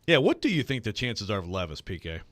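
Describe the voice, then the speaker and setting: A man co-hosting sports talk radio, thinking aloud with animated restarts, on a studio mic. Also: fairly low pitch, fast talker, dry recording.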